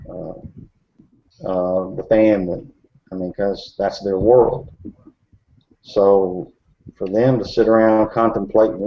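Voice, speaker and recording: A man's voice: lowish voice, a little hiss or hum. A man chatting casually in a group discussion, rambling with many fillers and restarts. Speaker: Bigfoot researcher in a group discussion. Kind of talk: casual chat. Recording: dull lo-fi recording.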